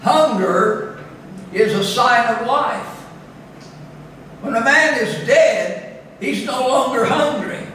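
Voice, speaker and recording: A man preaching a sermon as pastor, slow and deliberate, lifting his voice on scripture readings. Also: extremely high pitch, lively intonation, fairly bright tone. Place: church chapel. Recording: echoey chapel from a distance, faint room noise.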